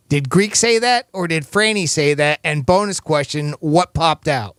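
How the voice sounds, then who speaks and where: A man's voice: a little high, normal speed, hardly any pauses, a bit bright, clean tone, no room sound, clean studio sound. A man hosting a radio show, joking and laughing as he runs a ticket giveaway. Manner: jokey, laughs often.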